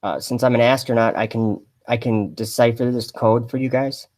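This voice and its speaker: A man chatting on a mock live stream in a deadpan, rambling way, full of fillers and restarts. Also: mid-range voice, normal speed. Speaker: satirical livestreamer posing as an astronaut.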